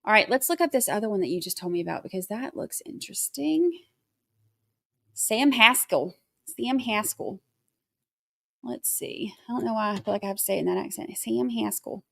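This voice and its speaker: A woman's voice: a little high, a bit bright. A woman hosting a livestream, chatting casually with sarcastic, scattered asides and thanking viewers for gifts. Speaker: livestream host.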